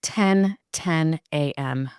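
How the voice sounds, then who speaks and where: A middle-aged woman from the United States chats as a podcast guest, teasing herself and laughing easily. Her voice is smooth and clear, a little low for a woman, and sounds dry and close to the mic. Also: drawn-out words, a little mellow, no echo. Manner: playful, laughs often, self-mocking. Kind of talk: casual podcast chat.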